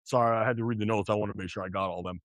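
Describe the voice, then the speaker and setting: A man's voice: lowish voice, steady tone, very fast, dry recording. A man hosting a podcast, delivering a blunt motivational monologue in an emphatic, preachy way and repeating his points. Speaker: podcast host.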